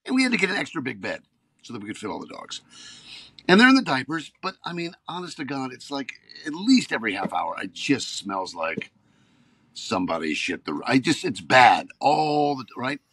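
A man's voice: mid-range voice, moderate pace, creaky, husky, dry recording. A man in his fifties, an actor and podcast guest, telling stories in casual chat and getting worked up as he goes. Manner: animated storyteller, gets worked up.

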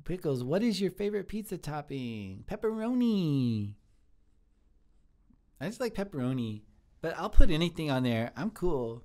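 A man speaking at an ordinary pace, his voice on the high side, plays a shy and sweet restaurant cook in his thirties for improv comedy streamed live. He comes across as earnest and rambling, and flattery gets to him easily.

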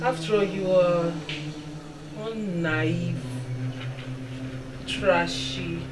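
A Nigerian rival wife, drawling out insults slowly and with scorn. She sounds far from the mic in an echoey room, with loud music behind. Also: fairly low pitch. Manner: slow, mocking, scornful. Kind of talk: film drama acting.

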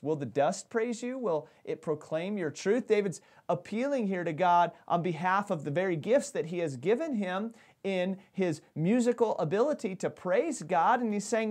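A man's voice: high-pitched, a little mellow. A man preaching a sermon as pastor, talking animatedly and often restarting his phrases.

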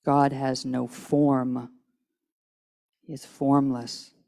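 Woman preacher, low-pitched and mellow, casual conversational sermon, tired. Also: flat delivery, drawn-out words, gravelly. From United States. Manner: casual, chatty, with restarts and acted-out quotes. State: tired from little sleep. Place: church sanctuary.

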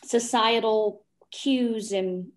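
A woman's voice: fairly high pitch, very slow. A woman co-hosting a library podcast, enthusiastic and rambling as she talks with a guest author. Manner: enthusiastic, rambling, gets emotional. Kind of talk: podcast interview.

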